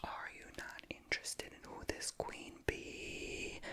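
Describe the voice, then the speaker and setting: A man whispering as a sassy mean girl. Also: natural voice. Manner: gossipy, sassy, drawling 'like' fillers. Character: catty gossiping young mean girl. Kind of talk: whispered role-play. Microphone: close ASMR mic.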